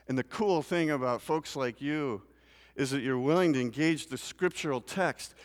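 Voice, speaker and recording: A man preaching a sermon in a church, moving from quiet scripture reading to loud, rising emphasis. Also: mid-range voice. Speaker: pastor. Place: church sanctuary. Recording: long church reverb.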